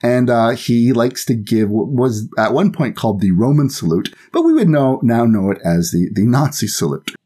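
A man guesting on a podcast, telling a history story in a rambling, lively, casual way. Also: mid-range voice, normal speed, hardly any pauses, slightly rough.

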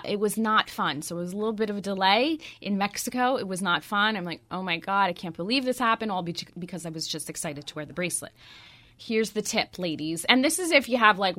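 A woman's voice: medium pitch, pushed and bright. A middle-aged woman hosting a radio show, chatting casually and telling stories with lots of fillers. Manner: chatty, anecdotal, frequent fillers. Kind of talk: casual chat.

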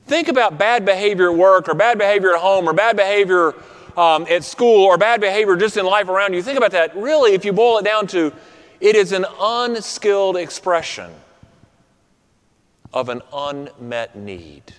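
A man preaching a sermon in an earnest tone, often dropping to a soft, quiet close on key words. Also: sits high, brisk. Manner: earnest, drops to soft quiet endings for emphasis. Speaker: pastor. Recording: reverberant hall.

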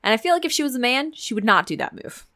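A woman's voice: on the high side, sing-song, fast talker, bright, forceful tone. A woman playing a tabletop role-playing game, speaking in a matter-of-fact, dry way. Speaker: player. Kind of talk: tabletop role-play chat.

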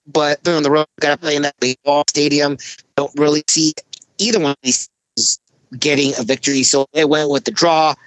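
A podcast host running a casual sports prediction show, keeping things moving in a steady, businesslike way over a remote call. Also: medium pitch, dry recording, poor audio.

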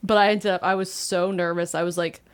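A woman's voice: fairly low pitch, level tone, a little fast, clear, resonant tone. A woman with a Kentucky accent telling a self-deprecating story with laughter in casual podcast chat. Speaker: podcast guest.

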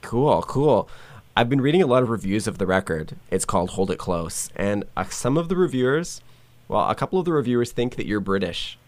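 Very low-voiced male interview host. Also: lively intonation, brisk. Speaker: radio host. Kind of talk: casual interview questions.

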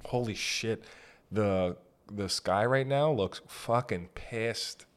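Profane rambling man, low voice. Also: slow, smooth. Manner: profane, rambling, laughs often, jumps into silly voices. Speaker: podcast host. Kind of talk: casual comedic rant.

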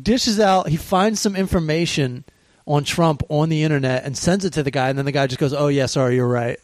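Male podcast host, higher voice, dry close sound; teasing, jokey, profane. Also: brisk, no room sound. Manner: teasing, joking, profane banter. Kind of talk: casual podcast chat.

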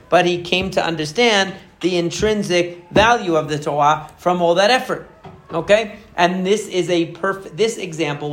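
A man teaching a Torah lesson, telling a story in an animated way with many fillers and restarts. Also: fairly high pitch.

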